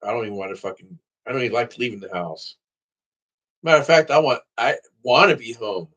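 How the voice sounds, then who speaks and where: Man of average pitch, vlogs alone to camera, loose profane rambling. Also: brisk, a bit bright, dull audio. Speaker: vlogger. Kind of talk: casual vlog monologue.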